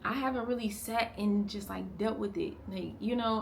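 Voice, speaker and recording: A young woman in her own family vlog, opening up to the camera in a halting, unscripted way. She keeps restarting, leans on "like" fillers, and sometimes drops to a hushed, strained tone. Her pitch sits at a middle level for a woman. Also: steady tone, gravelly, a little hiss or hum. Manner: emotional, at times hushed and strained. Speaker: family vlogger. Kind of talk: candid confessional vlog talk.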